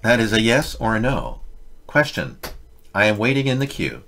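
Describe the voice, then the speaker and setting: A man's voice: lowish voice, very animated, moderate pace, a bit bright. Sarcastic rambling male livestream host. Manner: rambling, sarcastic, wisecracking asides. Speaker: livestream host reading chat. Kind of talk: casual political commentary livestream.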